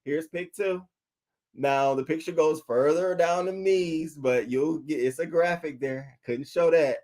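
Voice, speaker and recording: A man hosting a celebrity gossip live stream, chatting in a casual, animated way and greeting viewers in the chat. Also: on the high side, unhurried. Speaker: celebrity gossip show host.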